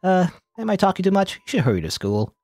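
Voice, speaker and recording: Nasal, nerdy male doctor, chatty and fussy, lively pitch , played by a man. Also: fast, exaggerated voice. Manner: talkative, polite, rambling.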